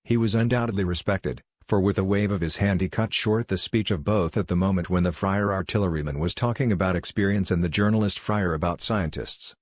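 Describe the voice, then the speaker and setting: A man reads a novel aloud in a steady, measured audiobook delivery. His voice is low and deep. The recording is dry and close, with no room around it. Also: no echo. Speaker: audiobook narrator. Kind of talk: scripted audiobook narration.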